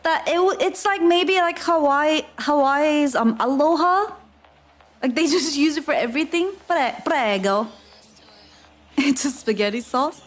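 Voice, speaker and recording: With a high-pitched, animated voice and an unhurried pace, this streamer chats about her travels on a live stream, laughing frequently and peppering her speech with "like." Faint music plays behind her.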